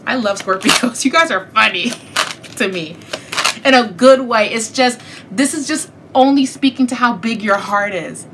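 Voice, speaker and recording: A woman giving a casual tarot reading, chatty and animated, speaking straight to her viewers and laughing often. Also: on the high side, a little slow, background noise. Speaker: tarot reader.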